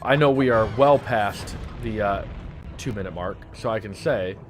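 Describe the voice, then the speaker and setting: A young man with a noticeable lisp rambles through casual live-stream chatter, full of puns and filler words. His voice sits fairly low. Soft music plays faintly underneath. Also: moderate pace. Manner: rambling, joking, punning, many fillers. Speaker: game streamer.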